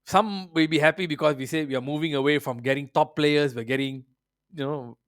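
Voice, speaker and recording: A man's voice: a little high, steady tone, fairly quick, dry recording, studio quality. A man hosting a football podcast, ranting brashly and profanely in casual opinionated chat, slipping into mocking voices.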